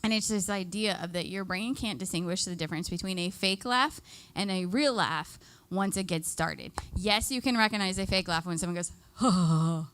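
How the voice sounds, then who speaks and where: A woman's voice: medium pitch, brisk, a bit bright, dry recording. A woman giving a live workshop to seniors, chatty and upbeat, leading the group through exercises and laughing often. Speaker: extension educator.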